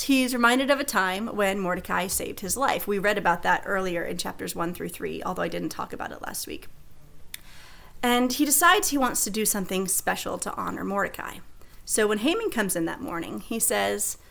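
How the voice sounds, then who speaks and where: Woman with a gravelly Sunday school voice. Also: medium pitch, expressive, moderate pace, a bit bright. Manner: conversational storytelling of scripture. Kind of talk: recorded Bible lesson.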